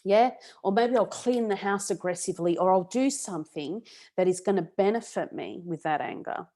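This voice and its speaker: A woman talks casually to a webinar audience about emotional healing. She speaks in a chatty, animated way at a middle pitch and keeps checking in with "yeah?" and "okay?". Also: normal speed.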